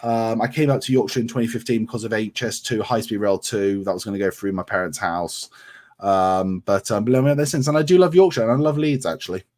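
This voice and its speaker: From his home in North Yorkshire, an English man who grew up near Milton Keynes hosts an informal livestream in a lowish, darkish voice at a brisk pace. Reading viewer comments aloud, he answers them in a sociable, chatty manner peppered with ums.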